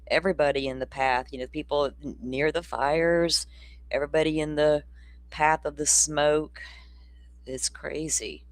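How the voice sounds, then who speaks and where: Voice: mid-range voice, steady tone, a little slow, long pauses, no room sound. Rambling livestream host, dry sound. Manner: rambling, chatty, reads out chat comments; loose and informal, with a casual swear. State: hiccups. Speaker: true-crime livestream host. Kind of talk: casual livestream chat.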